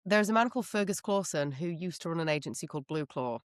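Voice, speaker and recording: Low-voiced woman, candid guest, dry sound. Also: fast, no room sound. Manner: lively, candid storytelling. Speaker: podcast guest. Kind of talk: casual interview chat.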